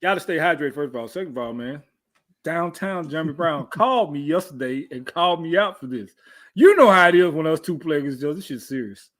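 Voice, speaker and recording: A man's voice: fairly high pitch, lively intonation, fast, fairly bright tone. A man in his thirties co-hosting a podcast, chatting casually about sports, boastful and trash-talking, repeating his lines. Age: 30s. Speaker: podcast co-host.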